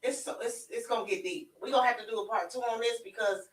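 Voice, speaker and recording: A woman's voice: a little high, quick pace, recorded from a distance. A woman co-hosting a casual group debate, firm and insistent, repeating her point. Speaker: podcast co-host. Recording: echoey room, off-mic.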